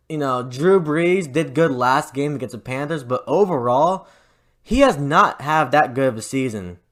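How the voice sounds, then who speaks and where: A man's voice: mid-range voice, fairly bright tone. A young man hosting a sports channel, giving casual football predictions in a rambling, offhand way. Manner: rambling, offhand, loose with fillers and restarts.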